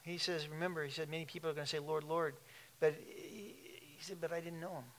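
Man, pastor preaching, animated, laughing asides, fairly high voice. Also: fast talker, slight background noise. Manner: animated, laughing asides, shifts between loud and hushed. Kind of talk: sermon.

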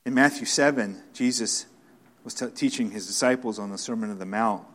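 A man preaching a sermon, acting out the words of God with questions, repetitions and dramatic pauses. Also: on the low side, fairly bright tone. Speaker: pastor.

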